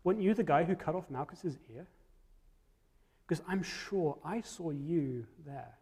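A man voicing a male witness who slowly and insistently presses his questions. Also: on the high side, expressive, darkish tone, slightly rough, long reverb tail, full character voice. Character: certain male witness confronting someone.

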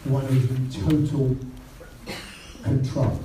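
A British man preaching a sermon, telling the story and quoting scripture in a lowered voice. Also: steady tone, slow pace, warm tone, a little hiss or hum. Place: church hall. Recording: roomy sound from a distance.

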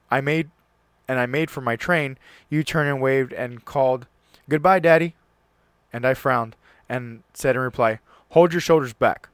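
A man's voice: medium pitch, smooth, no room sound. Man reading aloud, close and dry. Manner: reads aloud earnestly, stumbles and restarts on words. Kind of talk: casual solo talk with read-aloud passage.

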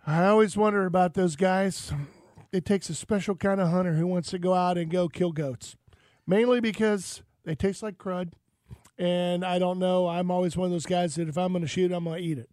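A man's voice: high-pitched, fairly even intonation, moderate pace, a little mellow, no room sound. A man hosting a casual talk show, telling rambling anecdotes full of fillers. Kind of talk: casual storytelling chat.

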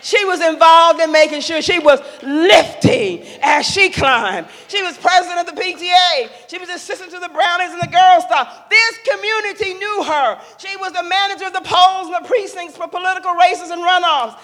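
An older woman giving an impassioned, preacherly speech to young adults, rising to loud emphatic calls. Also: extremely high pitch, normal speed, few pauses. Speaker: speaker sharing a mother's wisdom. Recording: long echo of a large hall.

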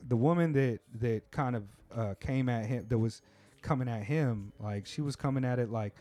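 A man's voice: mid-range voice, normal speed, warm tone. A man hosting a podcast, talking at length in a laid-back, talkative way and swearing a lot. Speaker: podcast host. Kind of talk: casual chat.

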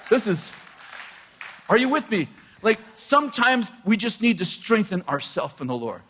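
An older man preaching a sermon, animated and laughing often as he quotes scripture. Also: sits high, normal speed, a faint crowd, a little hiss or hum. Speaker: pastor.

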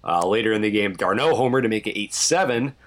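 A man's voice: on the low side, lively intonation, fast talker, a bit bright. A man from Connecticut co-hosting a casual sports podcast, giving dry, stat-heavy game recaps late at night. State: sleepy. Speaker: podcast co-host.

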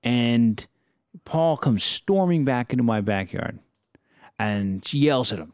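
A man in casual conversation, telling animated stories about his neighbors and acting out their lines. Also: medium pitch, measured pace, vocal fry, no room sound, clean studio sound. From Los Angeles area. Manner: animated anecdotes, mimics neighbors. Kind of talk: casual storytelling chat.

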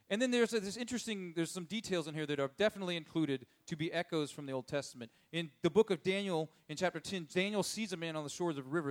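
A man giving a conversational sermon, chuckling often and acting out characters' lines in quick voices. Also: on the high side. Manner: chuckles often while telling the story. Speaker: preacher.

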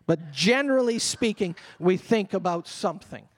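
An older man, a pastor, delivering an animated sermon that drops at times to a murmured prayer. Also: high-pitched, moderate pace. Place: church hall. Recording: long reverb of a church hall.

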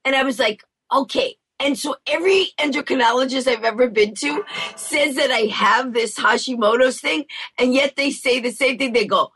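A middle-aged woman being interviewed as a guest, telling stories in a rapid, bubbly way and acting out the voices of people in them. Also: sits high, a bit bright, husky. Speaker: guest, motivational speaker and comedian. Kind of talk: storytelling in an interview.

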